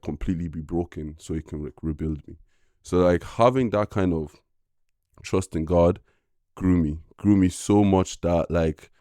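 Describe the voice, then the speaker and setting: A young man, a podcast guest, telling a personal faith story in an earnest, halting way with many fillers. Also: sits low, mellow, no echo, clean studio sound. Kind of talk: casual personal testimony.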